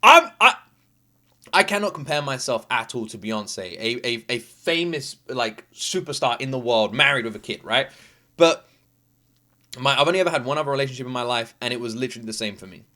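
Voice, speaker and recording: A young British man from the UK, chatting excitedly as a reaction video host, quick to laugh and full of fillers. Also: mid-range voice. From United Kingdom. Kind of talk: casual reaction commentary.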